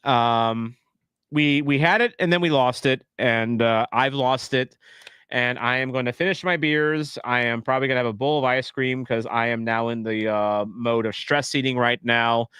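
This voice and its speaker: A man's voice: medium pitch, fairly bright tone, smooth, no room sound. A man hosting his fan channel, talking frankly and profanely in casual reaction chat, rambling and restarting his sentences. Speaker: channel host.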